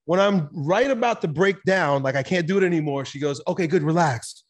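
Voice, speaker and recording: A man talking as a podcast guest, telling a personal story in a candid, animated way, swearing now and then. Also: on the high side, brisk. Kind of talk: casual conversational storytelling.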